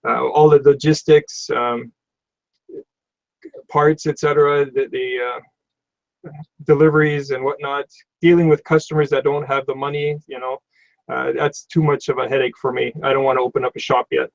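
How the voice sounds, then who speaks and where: A middle-aged mechanic with a southern German accent, chatting on a live stream in a slow, hesitant way with many fillers and restarts. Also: male voice, mid-range voice, little pitch movement, gravelly, no echo, muffled recording. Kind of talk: casual live-stream chat.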